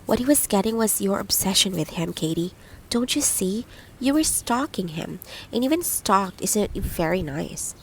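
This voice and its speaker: A woman narrator voicing a frank, caring young woman friend who speaks briskly and earnestly in an audiobook. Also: mid-range voice, lively intonation, a little hiss or hum, natural voice.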